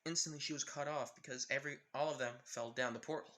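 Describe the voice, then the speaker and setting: A man's voice: mid-range voice, steady tone, quick pace, bright, forceful tone. A young man casually retelling a fan story, rambling with lots of restarts. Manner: rambling, full of fillers and restarts.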